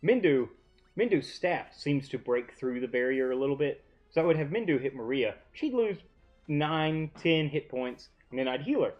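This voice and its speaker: A man's voice: on the high side, animated, moderate pace, muffled recording, soft background music. A young man hosting a casual gaming playthrough from his living room, rambling and self-deprecating as he talks. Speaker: let's play host. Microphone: desk mic off to one side, often facing away.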